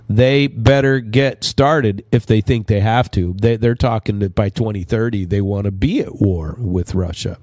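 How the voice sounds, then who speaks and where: A man hosting a podcast, giving blunt, rambling political commentary and slowing down to stress phrases. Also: medium pitch, darkish tone, no echo, studio quality. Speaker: podcast host. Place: home studio.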